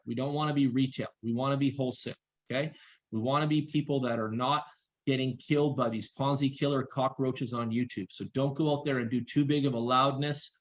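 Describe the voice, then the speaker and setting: Brief: man hosting a video call Q&A, mid-pitched, brisk, insistent, repeats his warnings. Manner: reads questions aloud and answers briskly. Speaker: presenter answering questions.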